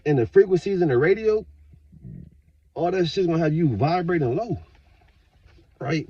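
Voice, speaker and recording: A man talking straight to his viewers in a casual, profane, rambling rant, with sudden loud outbursts. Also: a little high, husky, no echo, lo-fi sound. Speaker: vlogger. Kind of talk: casual monologue to camera.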